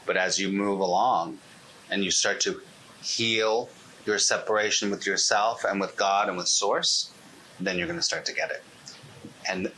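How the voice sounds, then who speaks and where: A man teaching about a spiritual text, speaking earnestly with slow, deliberate emphasis. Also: medium pitch, slight background noise, rough recording. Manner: soft, drawn-out reading aloud.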